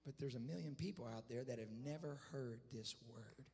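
A man preaching a sermon as a traveling evangelist, telling a story quietly and then rising to loud shouted climaxes. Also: medium pitch, normal speed, long reverb tail. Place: church sanctuary.

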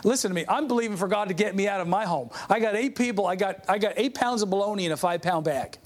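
Middle-aged male pastor with a high voice, preaching a conversational testimony sermon. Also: fast, a little hiss or hum. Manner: conversational, calls out to the congregation.

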